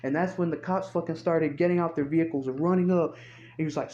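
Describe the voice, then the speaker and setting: A man's voice: a little high, steady tone, fast, a little mellow. A young man telling a rambling, profane story in casual speech, recorded on a phone. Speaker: storyteller vlogger. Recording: dull lo-fi phone audio.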